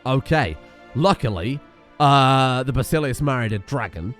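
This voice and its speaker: A man's voice: mid-range voice, expressive, unhurried, a bit bright, faint music behind. A man casually commenting on his strategy game as he plays, chatty, swearing freely and often getting sidetracked. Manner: chatty, profane, easily sidetracked. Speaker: gaming streamer.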